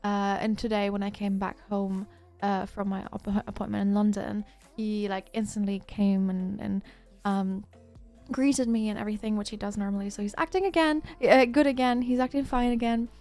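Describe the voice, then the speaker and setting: A woman's voice: mid-range voice, steady tone, normal speed, darkish tone, faint music behind. A woman livestreamer chatting casually, telling a rambling story with lots of fillers and restarts.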